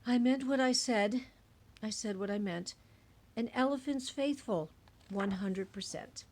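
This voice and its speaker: A woman voicing a faithful, gentle male elephant in a storybook reading, with an earnest, steady manner. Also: fairly high pitch, measured pace. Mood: sad.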